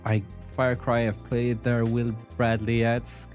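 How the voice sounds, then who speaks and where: A man's voice: medium pitch, completely flat delivery, slow pace, over music. A man streaming a game on a headset mic, chatting casually, rambling and thanking viewers. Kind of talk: casual gaming commentary.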